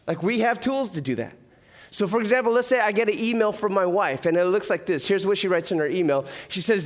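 A man preaching a sermon as pastor, telling stories with humor and asking the listeners questions. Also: sits high. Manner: lively storytelling with humor and rhetorical questions.

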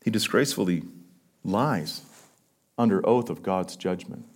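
A man preaching a sermon, swinging from loud emphatic peaks down to hushed, low lines. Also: expressive, measured pace. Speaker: pastor.

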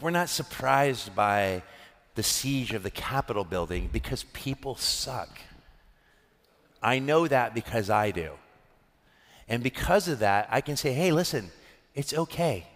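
A man's voice: medium pitch, fairly bright tone, long reverb tail. A man preaching a sermon as pastor, earnest and building to impassioned emphasis.

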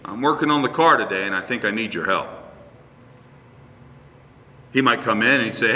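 A man's voice: medium pitch, lively intonation, fairly quick, long pauses, sharp tone, in a large hall, distant mic. A male pastor preaching a conversational sermon, acting out little dialogues with his congregation. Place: church sanctuary.

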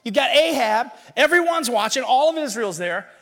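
A man preaching in a loose, animated storytelling style. His voice sits high. A long hall reverb follows his words around the room. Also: normal speed, gravelly. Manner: casual, animated storytelling with slang. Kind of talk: sermon.

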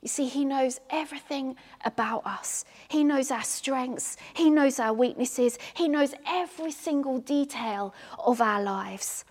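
A woman preaching a sermon in an earnest, repetitive cadence, at times sinking into hushed prayer. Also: sits high, unhurried, hardly any pauses. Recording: long hall reverb.

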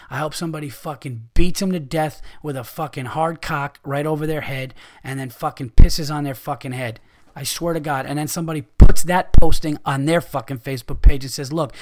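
Profane ranting man, fairly high voice. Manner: profane, ranting, loud outbursts. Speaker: podcast host, comedian. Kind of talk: angry rant, solo podcast.

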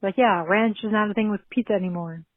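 A woman's voice: mid-range voice, quick pace. A woman caller leaving a brash, joking, profane voice message over the phone. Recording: tinny phone line.

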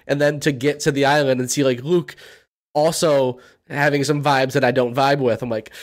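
A man's voice: mid-range voice, steady tone, normal speed. A man co-hosting a movie podcast in casual chat, rambling with many restarts. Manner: rambling, lots of restarts and repeated words. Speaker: podcast co-host.

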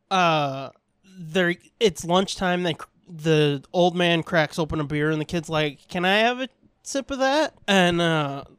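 A man's voice: high-pitched, animated, slow, fairly bright tone, clear, resonant tone, dry recording, studio quality. A man co-hosting a podcast in casual chat, swearing freely, rambling through stories and laughing often. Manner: profane, rambling, laughs a lot. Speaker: podcast co-host.

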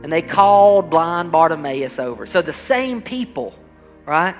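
A man's voice: on the high side, expressive, measured pace. A man preaching a sermon, emphatic, calling out to his congregation and acting out quoted voices. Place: church hall. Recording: echoing hall with faint music.

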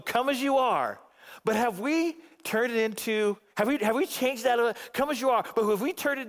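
High-voiced preacher in a reverberant hall. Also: male voice. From Phoenix area. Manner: animated preaching with wide swings between emphatic and hushed. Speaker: pastor. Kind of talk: sermon.

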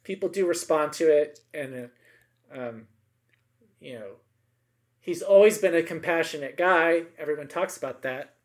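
A man's voice: on the high side, moderate pace, long pauses. A middle-aged man co-hosting a podcast, chatting casually and emphatically about politics, with many asides and tag questions.

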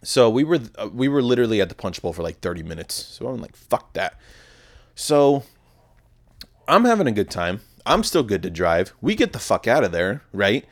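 A man's voice: lowish voice, big pitch swings, a little fast. A young man in his twenties hosting a podcast, telling a rambling, profane, self-deprecating story about a night out. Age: 20s. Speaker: podcast host. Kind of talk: casual storytelling monologue.

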